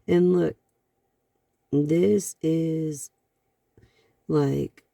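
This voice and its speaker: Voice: medium pitch, gravelly, dark tone, dry recording. A tarot reader giving a card reading to a viewer, rambling along with many fillers and sighs.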